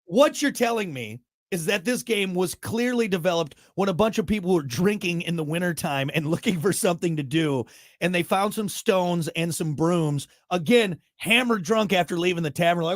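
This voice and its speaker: A man's voice: sits high, expressive, moderate pace, dry recording, studio quality. A man hosting a morning show, rambling and joking in casual banter, wired on caffeine. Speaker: show host.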